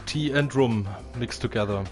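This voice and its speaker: A man's voice: medium pitch, moderate pace, a little mellow, soft background music. A man commentating a racing stream in casual chat, hesitant and full of fillers.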